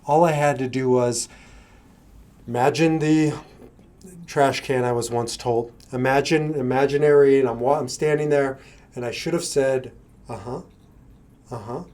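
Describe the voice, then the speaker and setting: A middle-aged man speaks as a coach in an earnest, conversational way. His voice sits at an ordinary pitch. He talks straight to his listeners in a motivational talk. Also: fairly even intonation, moderate pace, a little mellow. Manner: earnest, conversational, acts out his own side of an argument.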